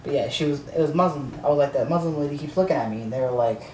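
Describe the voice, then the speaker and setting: For his vlog, a man with a slightly high, slightly mellow voice rattles off a rapid-fire storytime rant. It's rambling and full of swearing, fillers and restarts, recorded on a distant mic in an echoey room with faint background noise.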